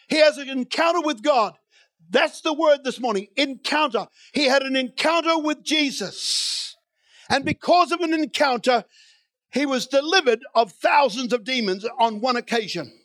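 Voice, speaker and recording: A man's voice: extremely high pitch, a bit bright, no echo. A man preaching a sermon in a church, reading scripture and building to emphatic, repeated declarations.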